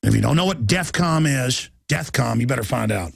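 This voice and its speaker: A man hosting a radio show, delivering an urgent, agitated monologue, rapidly reading headlines aloud and rising to shouts. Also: medium pitch, expressive, vocal fry, slightly rough, no room sound. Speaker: radio host.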